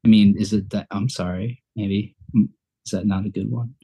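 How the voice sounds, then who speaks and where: Mellow-voiced laughing podcast host. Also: male voice, fairly low pitch, steady tone, moderate pace, husky. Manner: laughing, self-deprecating, rambling with fillers. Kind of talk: casual chat.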